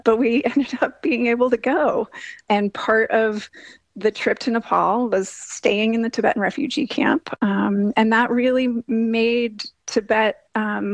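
A woman being interviewed who recalls her past in a reflective, unhurried way, with fillers and restarts. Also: fairly high pitch, dry recording. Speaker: interview guest. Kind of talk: casual storytelling.

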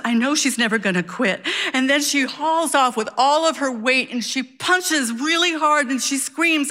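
A woman tells a personal story on a stage, her fairly high voice ringing in a big hall with a long echo. She builds suspense with pauses and short, punchy sentences. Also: lively intonation, sharp tone.

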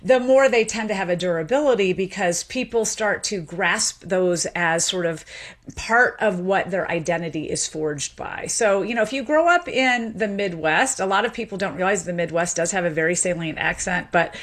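A woman's voice: fairly low pitch, normal speed. Articulate woman explaining accents. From American South. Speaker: linguist guest. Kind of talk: interview, expert explanation.

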